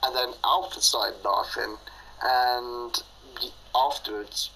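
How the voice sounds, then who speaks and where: Bright-voiced young man rambling. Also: mid-range voice, fairly even intonation, takes it slowly, slightly rough, poor audio. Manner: rambling, filler-heavy, laughs often. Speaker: storyteller. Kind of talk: casual storytime chat.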